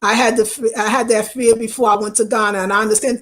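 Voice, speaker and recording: A travel vlogger with a New York accent chats casually on a live stream, reading viewer comments in an animated, expressive way. Her voice is fairly high and her pace quick.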